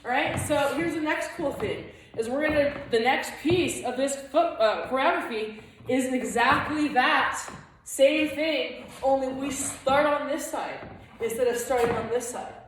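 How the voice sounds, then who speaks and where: A woman's voice: high-pitched, unhurried, heavy reverb, recorded from a distance, a little hiss or hum, poor audio. A woman teaching a flamenco dance class, explaining steps and chanting the rhythms and counts aloud.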